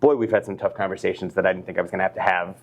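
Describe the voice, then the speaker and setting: A man's voice: low voice, steady tone, racing. A middle-aged man, a business professor, talking earnestly and expressively as a guest in a casual interview.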